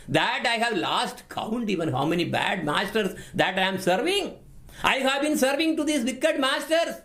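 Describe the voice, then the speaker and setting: A man giving a devotional class lecture, emphatic and given to repeating his words. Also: sits high. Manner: animated, emphatic, repeats words while teaching. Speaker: spiritual teacher.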